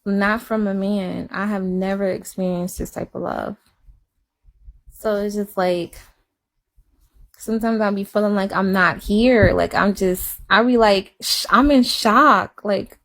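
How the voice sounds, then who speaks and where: A young woman, chatting casually on a live stream, rambling and repeating herself, dipping to a hush and then rising into giggly high exclamations. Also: fairly even intonation, a little slow, vocal fry. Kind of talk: casual confessional chat. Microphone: phone.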